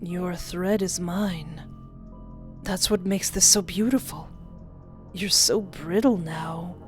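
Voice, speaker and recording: A woman voicing a hushed, creepy young man. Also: lowish voice, soft background music. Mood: soft menace. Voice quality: hushed, half-whispered. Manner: slow, wistful menace turning to bitter outbursts. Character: soft-spoken creepy young man, menacing. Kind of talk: reading a visual novel aloud.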